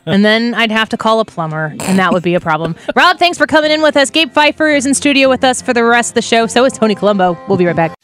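A woman's voice: fairly high pitch, animated, fast talker, few pauses, a bit bright, faint music behind. A middle-aged woman hosting a radio talk show, chatting casually and making joking asides. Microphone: studio microphone.

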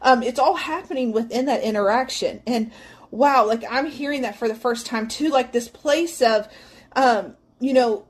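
A woman's voice: fairly high pitch, moderate pace. A woman giving a casual devotional teaching, earnest and reflective, often adding "like" and small laughs. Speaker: devotional podcast host.

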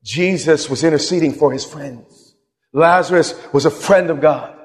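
A middle-aged man preaching a sermon with passion, moving from loud outbursts to hushed, slow moments. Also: on the high side. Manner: impassioned, swings from loud to hushed. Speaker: pastor. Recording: long reverb of a large hall.

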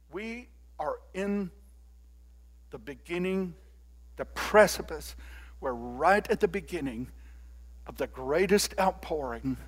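An older man preaching a sermon and leading the congregation in call-and-response, moving between quiet talk and loud exhortation. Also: a little high. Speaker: pastor.

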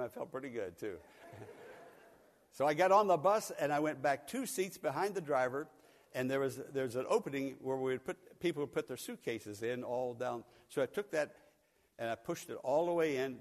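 A man's voice: medium pitch, expressive, moderate pace, big-room sound. An older man from Pennsylvania preaching a sermon, telling a folksy story and chuckling often. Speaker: pastor. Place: church sanctuary.

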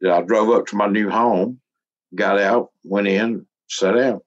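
A middle-aged man speaks a little slowly in a lowish voice with fairly even intonation. As an interviewee, he shares a story in a relaxed, folksy way, chuckling often and occasionally getting choked up, all on a slightly muffled recording.

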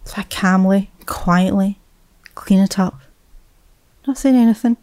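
A woman, a mother, telling a personal story in a reflective way, often dropping to a hushed whisper. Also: medium pitch, unhurried, no room sound.

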